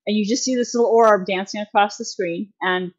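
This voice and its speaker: A woman's voice: medium pitch, fairly even intonation, brisk, slightly rough, muffled recording. A woman guest on a podcast, explaining at length in a casual, rambling way, full of fillers and restarts and folksy phrasing.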